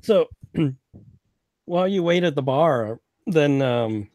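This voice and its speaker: Slow-talking male game master. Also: fairly high pitch, animated, dark tone, highs cut off. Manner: hesitant, many ums and restarts. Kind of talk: narrating a tabletop game.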